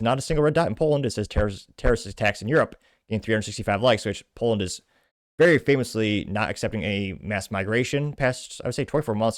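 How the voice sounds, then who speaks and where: A man hosting his own show, reading social media posts aloud and commenting on them in a rapid, emphatic, scornful way. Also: lowish voice, dry recording. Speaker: show host.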